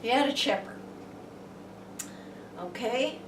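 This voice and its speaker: Unhurried woman teaching Scripture, roomy sound. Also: on the high side, animated, background noise. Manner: homey and chatty, dropping to hushed tones. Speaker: Bible teacher. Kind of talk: folksy Bible teaching. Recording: roomy sound from a distant mic.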